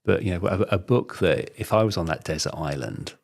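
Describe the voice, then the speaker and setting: Middle-aged man, deep and gravelly; chatty sales trainer, rambling interview guest. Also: expressive, brisk, a little mellow. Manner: chatty, rambling, many "you know" fillers. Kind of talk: casual conversational interview.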